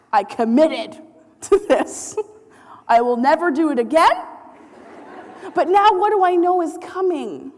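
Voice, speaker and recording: A woman in her thirties giving a talk, telling a story in an animated way, acting out quotes and laughing often. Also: high voice, unhurried, pauses often. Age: 30s. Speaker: speaker. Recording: hall reverb.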